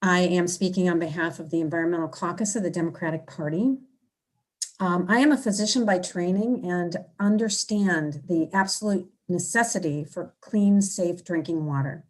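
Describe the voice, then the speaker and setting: A woman's voice: fairly low pitch, moderate pace, low-quality recording. A woman physician giving formal public testimony over a remote call, polite and businesslike.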